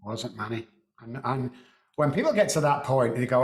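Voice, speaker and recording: A middle-aged man recounts his past slowly and haltingly, stumbling over words and clearing his throat. His voice sits at an ordinary middle pitch. The recording has a roomy echo around it. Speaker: guest. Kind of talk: emotional personal storytelling.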